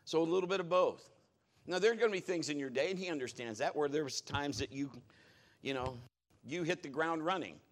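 A middle-aged man preaching a sermon as a pastor, telling a story with lively, acted-out quotes that jump high and low. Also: a little fast. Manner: animated storytelling, acts out quotes with big pitch jumps.

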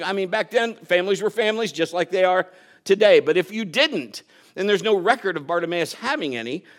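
A high, animated preacher whose pitch leaps around as he tells a personal story from the pulpit. His tone is bright and forceful, and he acts out the people in his story and laughs at himself.

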